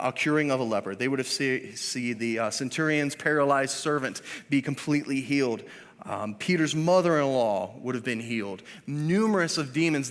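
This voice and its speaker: A man in his thirties preaching a sermon as pastor. He swings between hushed, drawn-out lines and loud, emphatic ones, with self-deprecating asides. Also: mid-range voice. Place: church. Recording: reverberant church sanctuary.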